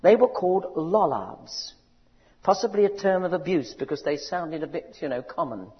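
Preacher in a big echoing hall. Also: male voice, a little high, moderate pace. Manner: rousing, rising to loud cries; asks the audience questions. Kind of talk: sermon. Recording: dull recording in a large reverberant hall.

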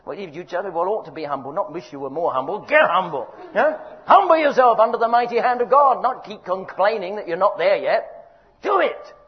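Older man, preaching, high husky voice, dull lo-fi recording, emphatic and exhorting. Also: animated, fairly quick. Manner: emphatic, exhorting, swings between loud and quiet. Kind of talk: sermon.

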